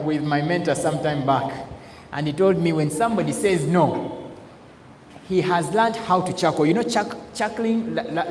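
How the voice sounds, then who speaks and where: A man giving a lively sales training talk, acting out laughs and quoted voices. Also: fairly high pitch, slight background noise. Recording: echoey hall with faint ambience.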